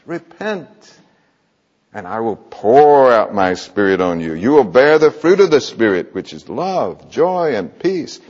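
A man's voice: mid-range voice, big pitch swings, unhurried, a little mellow. A man preaching an earnest sermon in a church, asking the room rhetorical questions. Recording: muffled echoing church hall.

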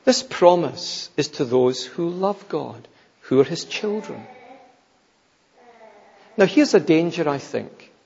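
Slow, gravelly preacher in a hall. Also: male voice, fairly high pitch, expressive. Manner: slow, emphatic preaching with sudden loud rises and hushed drops. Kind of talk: sermon. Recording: dull, lo-fi recording in a reverberant hall.

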